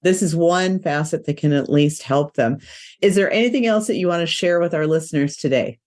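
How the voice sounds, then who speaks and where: A woman's voice: low-pitched, brisk, darkish tone. A woman hosting a podcast interview, enthusiastic and chatty, with a slightly nasal voice from allergies. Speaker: podcast host.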